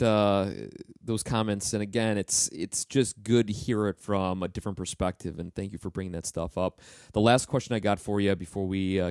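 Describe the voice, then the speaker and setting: Laid-back low-voiced male host. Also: darkish tone, dry recording, clean studio sound. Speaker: podcast host. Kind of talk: casual interview talk.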